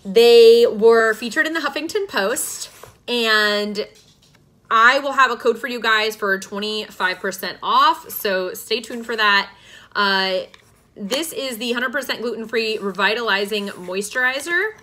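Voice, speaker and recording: A woman's voice: fairly high pitch, unhurried, sharp tone. A woman hosting a casual skincare unboxing at home, gushing with enthusiasm as she talks through each product. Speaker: beauty vlogger and podcast host.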